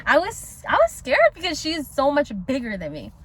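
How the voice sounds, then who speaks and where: A woman with a high voice and a swooping, lively pitch tells a personal story in a casual vlog. She talks in slang, acts out her own past lines and laughs often. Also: a little fast. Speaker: vlogger telling a personal story.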